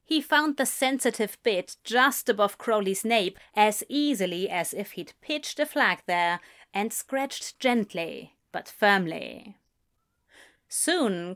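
A woman reading a story aloud, narrating in an unhurried, expressive way. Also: mid-range voice. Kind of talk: reading fan fiction aloud.

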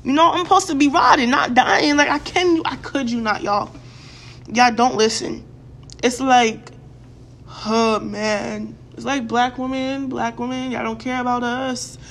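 A woman's voice: fairly high pitch, steady tone, unhurried, fairly bright tone. A young woman ranting to her viewers in a blunt, profane, fired-up way, often repeating words for emphasis. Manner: fired-up, addresses viewers directly. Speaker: vlogger. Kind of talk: casual opinion rant to camera.

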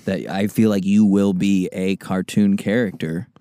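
A man's voice: low voice, steady tone, measured pace, mellow, dry recording. A man from Nebraska co-hosting a podcast, jokey and rambling in casual chat. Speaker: podcast co-host.

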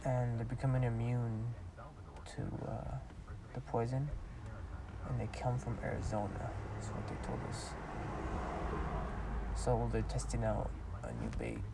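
A man's voice: medium pitch, flat delivery, measured pace, gravelly, long pauses, heavy background noise. A young man in casual chat with a friend, slangy and swearing a lot. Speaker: friend chatting. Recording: distant mic in a chatty crowd.

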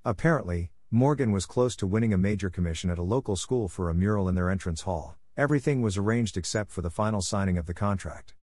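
A calm woman who runs a gallery, measured and patient as she explains, read by a man in his own low voice. The sound is dry and close. This is a storybook reading, with barely any change from the narrator's voice. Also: dry recording.

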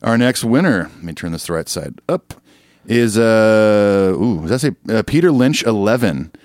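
Low-pitched man in his thirties, jokey podcast co-host, dry close-miked sound. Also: lively intonation, normal speed, a little mellow, dry recording. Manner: joking banter, loose with many restarts. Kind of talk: casual podcast chat.

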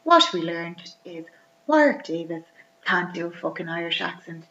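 A woman chatting casually, retelling a film's plot with animated, sweary humour and acting out the characters. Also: on the low side, normal speed. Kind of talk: casual chat. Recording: roomy, slightly dull recording.

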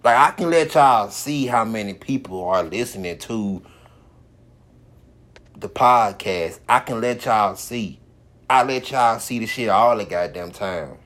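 Low-ish voiced guy cursing nonstop, podcast rant about haters. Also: animated, measured pace, fairly bright tone. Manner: heavy swearing, repetitive and emphatic. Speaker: podcast host. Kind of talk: profane motivational monologue.

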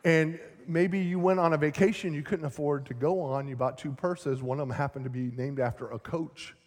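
Pastor guy preaching, lively and jokey, highish voice, long reverb in the sanctuary. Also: normal speed. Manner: animated, self-deprecating humor. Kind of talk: sermon. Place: church sanctuary.

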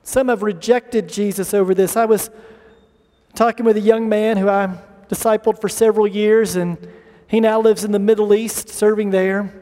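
A pastor preaches an impassioned sermon to his church, at times acting out people pleading in prayer. His voice is high and dark in tone, with fairly even intonation and a moderate pace, echoing through a reverberant hall.

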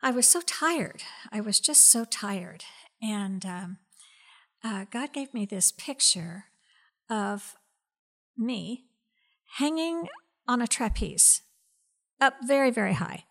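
A woman who directs a ministry, giving an earnest faith testimony in an interview, slow and hesitant with many fillers and soft, breathy stretches. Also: fairly high pitch, expressive.

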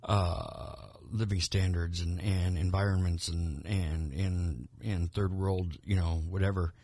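A man's voice: sits low, steady tone, slow, warm tone, no room sound. A man co-hosting a podcast, talking casually about the news in a rambling way, with many restarts and repeated words. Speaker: podcast co-host. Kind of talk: casual political chat.

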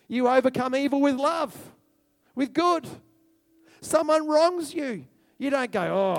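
A man preaching with a very high voice for a man, loud and bursting with excitement. He drives his points home with emphatic repetition. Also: slow pace, pauses often. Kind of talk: sermon.

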